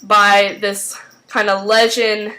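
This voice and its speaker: A woman's voice: medium pitch, little pitch movement, slow pace, sharp tone. A woman casually recapping a TV episode, rambling with lots of fillers. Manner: rambling, full of "like" and "um". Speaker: TV recap vlogger.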